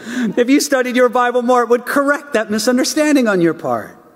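A man's voice: very high voice, animated, a little fast, in a large hall. A man preaching a sermon, emphatic, asking rhetorical questions and repeating words as he builds his points.

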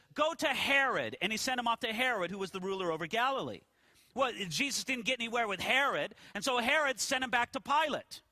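High-voiced, bright male preacher. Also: no room sound. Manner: animated storytelling with direct questions to the congregation. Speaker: pastor. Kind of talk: sermon.

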